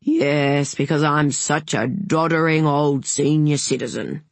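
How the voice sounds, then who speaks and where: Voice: medium pitch, fairly even intonation, a little slow, no echo, natural voice. A narrator voicing a father who jokingly puts on a quavering, frail old man's voice. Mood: mock-feeble. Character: quavering elderly man, mock-frail father.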